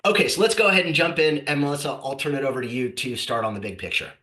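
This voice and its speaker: Bright, nasal-sounding man with a cold. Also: medium pitch, lively intonation, racing, roomy sound, rough recording. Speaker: host and company president. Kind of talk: webinar presentation.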